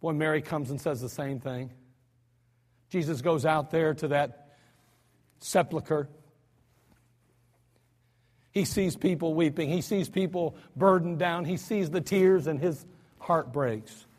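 An American male pastor preaching a storytelling sermon, swinging between soft asides and loud cries. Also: on the high side, slow, pauses often. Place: church sanctuary. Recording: church hall reverb.

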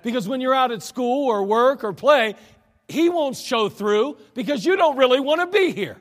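A man's voice: extremely high pitch, lively intonation, normal speed, fairly bright tone. A man preaching a sermon in a church, earnest and emphatic in a conversational way. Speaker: pastor. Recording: echoey church hall.

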